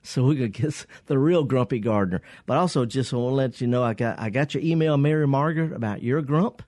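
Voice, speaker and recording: A man's voice: mid-range voice, fairly quick, a little mellow, no echo. A man hosting a call-in garden radio show, talking in a rambling, folksy way with many restarts. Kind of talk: casual call-in radio chat. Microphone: studio microphone.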